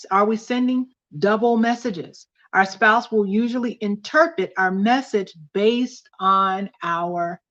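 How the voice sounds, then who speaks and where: A woman's voice: mid-range voice, a bit bright, highs cut off. A woman hosting a casual livestream study, teaching and reading aloud from a book, often repeating key points. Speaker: host of a couples study livestream.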